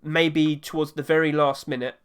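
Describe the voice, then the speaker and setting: Speaking at a normal speed with a fairly high, level, clear and resonant voice, a gaming market commentator muses aloud about market prices. His casual solo talk is chatty and rambling, full of self-corrections.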